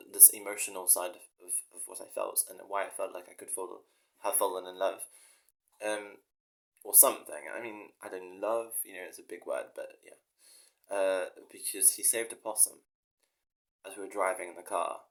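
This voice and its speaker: A man with a fairly low voice talks to camera at home in a loose, meandering way. He mocks himself, swears freely and laughs at his own tangents. Now and then he reads passages of his own story aloud. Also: a bit bright. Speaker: professor and musician. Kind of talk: rambling casual monologue and reading his own story aloud.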